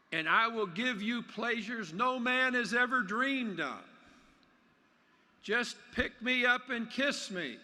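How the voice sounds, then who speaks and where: A man's voice: very high-pitched, bright, forceful tone, heavily acted. A man voicing an insistent talking frog that claims to be an enchanted maiden, telling a joke to a crowd in a large arena. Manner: insistent, coaxing. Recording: long arena reverb.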